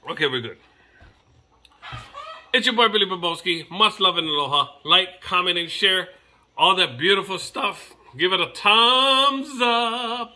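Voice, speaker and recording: A middle-aged man from Hawaii with a Hawaiian Pidgin accent, chatting playfully in a home vlog while his daughter films, bursting into shouts and laughter. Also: high-pitched, expressive, normal speed, pauses often. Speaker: vlogger. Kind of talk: casual vlog. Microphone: camera held by his daughter.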